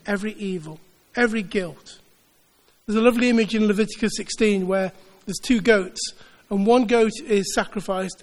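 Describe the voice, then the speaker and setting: A man delivering a sermon in an earnest, building rhythm, stacking repeated phrases. His voice sits high for a man. It rings out with a long reverb through a church hall. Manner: earnest, repetitive rhetorical build-ups. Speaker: preacher.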